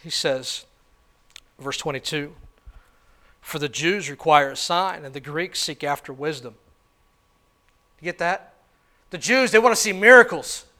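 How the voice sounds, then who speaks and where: A man preaching a sermon in church, swinging from hushed, quiet lines to loud shouted ones and putting many questions to the congregation. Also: fairly high pitch, unhurried, long pauses. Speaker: pastor.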